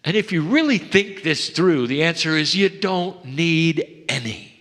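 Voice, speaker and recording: A man delivering a channeled spiritual message to a live audience, slow and solemn, swelling up and then sinking to a soft hush. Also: on the high side, expressive. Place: event hall. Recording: long hall reverb.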